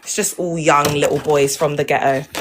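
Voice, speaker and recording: A woman's voice: deep voice, fairly even intonation, moderate pace, noisy background. A woman chatting frankly on a phone live stream at home. She rambles and keeps checking in with "do you know what I mean", calling her viewers "baby" and "my love". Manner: chatty, frank, many tag questions and terms of endearment. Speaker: livestream host.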